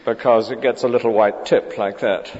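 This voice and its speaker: A man's voice: medium pitch, steady tone, normal speed, darkish tone, breathy edge. A man preaching a conversational sermon with hesitant fillers. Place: church. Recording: dull lo-fi church recording with long reverb.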